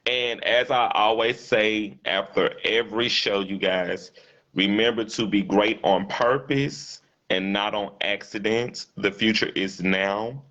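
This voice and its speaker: A man hosting a casual livestream talk show, thanking his guest and viewers with effusive shout-outs. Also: on the low side, slow. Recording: dull lo-fi sound with faint music.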